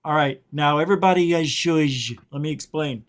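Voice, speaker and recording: A man with a slightly raised voice talks casually on a chat show. He explains things eagerly and chattily, walking listeners through what he heard. His tone stays relaxed and conversational. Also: fairly high pitch, moderate pace.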